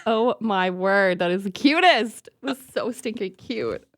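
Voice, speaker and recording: A woman's voice: medium pitch, a little slow, dry recording, clean studio sound. A woman co-hosting a casual faith chat, reacting readily and speaking reflectively about her own experience. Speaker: podcast co-host.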